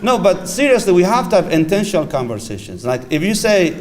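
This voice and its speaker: A middle-aged man giving a lively religious lecture on marriage, acting out short dialogues and mixing in Arabic phrases. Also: high-pitched, a little fast, few pauses, a little hiss or hum. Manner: animated, acts out little dialogues, Arabic phrases mixed in. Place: lecture hall with audience.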